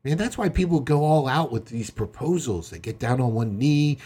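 A man's voice: mid-range voice, expressive, moderate pace, dark tone, breathy edge. A middle-aged man preaching a sermon as pastor, earnest and emphatic, acting out quotes along the way.

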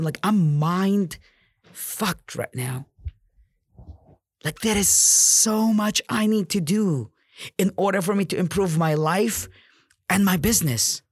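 A man's voice: high-pitched, slightly rough, no echo, clean studio sound. Intense, profane motivational man. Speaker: real estate entrepreneur. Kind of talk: motivational monologue.

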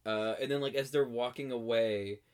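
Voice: mid-range voice, moderate pace. A podcast co-host chatting casually, adding wry comments on a drama episode drawn from written notes. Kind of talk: casual recap chat.

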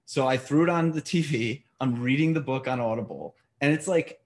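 A man from New York, a podcast guest telling rambling, animated stories in casual chat. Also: mid-range voice, moderate pace.

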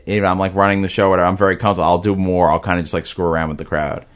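Low-voiced man with a New York accent. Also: flat delivery. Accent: New York, Brooklyn-Queens. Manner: hesitant, halting with many fillers. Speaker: comedian guest. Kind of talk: casual chat.

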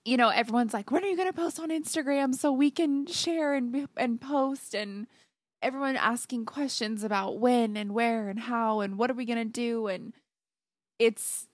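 A woman's voice: fairly high pitch, moderate pace, no room sound. A woman guest on a podcast, talking casually and gushing with emotion, close to tears. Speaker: podcast guest, host's fiancée. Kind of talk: casual chat.

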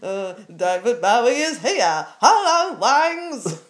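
A woman doing a slow, droning impression of a male rock star that comes out sounding like a robot. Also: a little high, sing-song.

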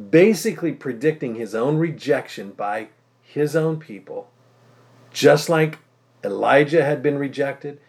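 A man preaching a conversational expository sermon as pastor, emphatic and slowing down to stress key phrases, acting out the crowd's doubting voices. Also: medium pitch, a little mellow.

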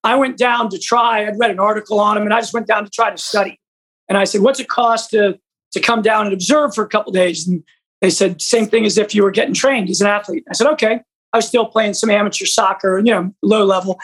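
A man hosting a casual chat, telling an animated anecdote. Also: high voice, fast talker, rough recording.

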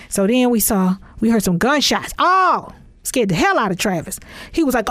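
Woman comic, high voice, dry close sound, sassy, emphatic storyteller. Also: moderate pace, no echo. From Texas. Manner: animated, emphatic, sassy asides. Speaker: comedian.

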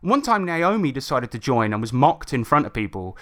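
A man's voice: medium pitch, very animated, fairly quick. A man hosting a casual commentary show, talking indignantly with frequent restarts and asides. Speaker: commentary host.

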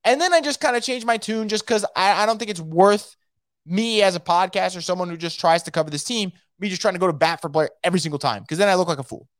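A man's voice: high voice, fast, dry recording, clean studio sound. A man hosting a solo sports podcast, talking in an opinionated, emphatic, rambling way. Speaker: podcast host.

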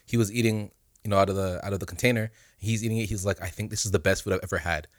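A man's voice: fairly low pitch, fairly even intonation, rapid-fire, dry recording, studio quality. A young man chatting casually, laid-back and slangy as he recounts a day of selling food. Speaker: podcast co-host. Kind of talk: casual storytelling chat.

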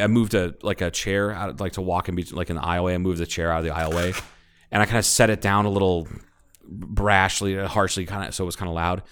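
A man's voice: low-pitched, a bit bright, clear, resonant tone. A man from Ohio, co-hosting a podcast, tells a rambling, profanity-filled story with lots of restarts. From Ohio, United States. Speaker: podcast co-host. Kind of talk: casual storytelling chat.

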